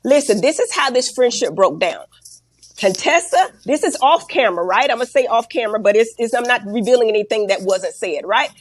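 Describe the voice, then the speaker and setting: As an interview guest, a woman in her forties tells a story bluntly and animatedly, using slang and profanity and sounding emotional, close to tears. Her voice is a little high and brisk, with a breathy edge, in this candid talk.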